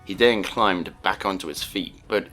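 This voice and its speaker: A man with a low, deep voice narrating a fan audiobook, telling the story in a steady, earnest way. Clear music plays behind him throughout. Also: normal speed.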